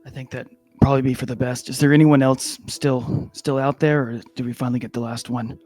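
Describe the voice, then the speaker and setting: Relaxed inquisitive man playing a tabletop game. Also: medium pitch, a little fast, dry recording, faint music behind. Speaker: player. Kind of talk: tabletop play, casual chat.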